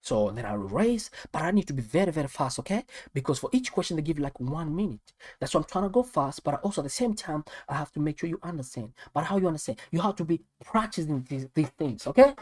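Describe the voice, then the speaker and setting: A South African man tutoring maths online in an animated, sing-song way, his pitch leaping up and down as he repeats each step. The sound is dry and close, with no room around his voice. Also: fast, no echo. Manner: animated, repeats steps, talks straight to viewers. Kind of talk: live online maths lesson.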